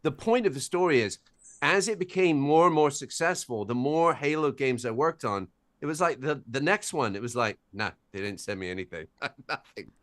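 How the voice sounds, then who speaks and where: Animated man telling a story. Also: fairly high pitch, normal speed. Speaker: guest, voice actor. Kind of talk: storytelling anecdote.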